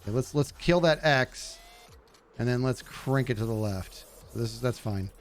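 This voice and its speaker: A man's voice: moderate pace, faint music behind. A man streaming a game live, chatting goofily with his viewers as he plays. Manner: goofy, talks to chat, jumps high in excitement. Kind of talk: live gameplay commentary.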